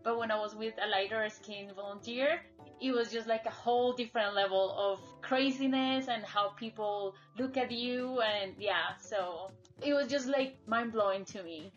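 A woman's voice: on the high side, moderate pace. A woman sharing her experiences in a casual, reflective chat. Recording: dull, lo-fi audio with faint music.

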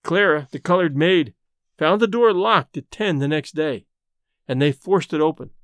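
A male storyteller reading a classic short story aloud, measured and unhurried. His voice is fairly high for a man, and the sound is dry and close, with no room to it. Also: lively intonation, a bit bright, clear, resonant tone, no room sound. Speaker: storyteller and podcast host.

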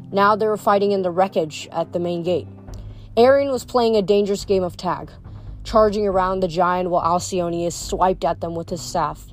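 A woman reading chapters of a novel aloud, measured, with occasional small stumbles over words. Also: fairly low pitch. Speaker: audiobook reader.

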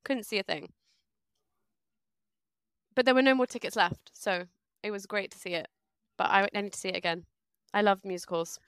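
A British woman chatting as a podcast guest, animated and self-deprecating. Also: mid-range voice, normal speed, pauses often, smooth, no echo, studio quality. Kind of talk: casual chat.

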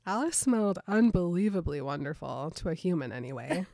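A woman's voice: on the low side, expressive, a little fast, vocal fry, mellow, no room sound, studio quality. A woman co-hosting a casual podcast, retelling a book scene and acting out the characters' lines as she goes. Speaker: podcast co-host. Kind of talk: casual book recap chat.

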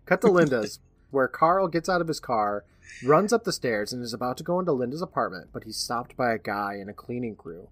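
Fairly quick and medium-pitched, this podcast co-host's voice comes through with no room sound. He chats casually about an episode, telling it with animation, acting out lines and laughing frequently.

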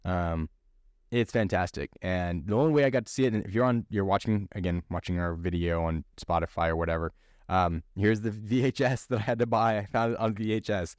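A man hosting a podcast, talking fast in a casual, rambling way with many fillers. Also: on the low side, fairly even intonation, a little mellow, no echo, studio quality. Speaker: podcast host, actor. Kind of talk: casual chat.

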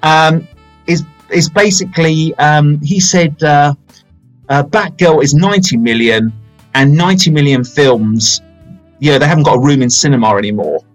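A man's voice: on the high side, moderate pace, faint music behind, poor audio. Chatty rambling man in his forties. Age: 40s. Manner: chatty, rambling, self-mocking. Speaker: podcast host. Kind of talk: casual film chat.

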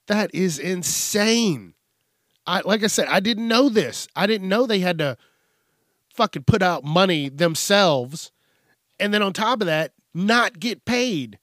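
A man's voice: sits high, fairly bright tone, no echo, clean studio sound. A man hosting an angry, profane news commentary rant.

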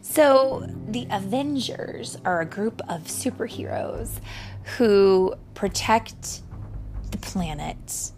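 A woman reading a storybook aloud to a child, gently explaining words and story as she goes. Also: medium pitch.

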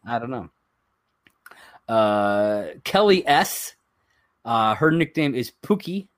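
A man's voice: medium pitch, big pitch swings, slow, dry recording, studio quality. Easygoing man reading off a list. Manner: reads items from a list, chuckling, loose and rambling. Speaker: podcast co-host. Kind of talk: casual chat.

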